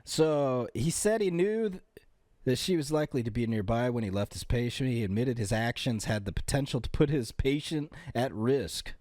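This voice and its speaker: A man's voice: mid-range voice, lively intonation, normal speed, darkish tone, no room sound, studio quality. A man co-hosting a podcast, reading a news story aloud and breaking off to joke about it. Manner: reads the story aloud between jokes. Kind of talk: casual comedic banter.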